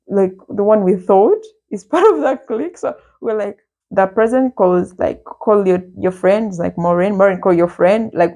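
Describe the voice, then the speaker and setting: A young woman casually telling a lively personal story from her school days, laughing and acting out what people said. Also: mid-range voice, vocal fry, husky. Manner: lively, laughing, acts out quotes.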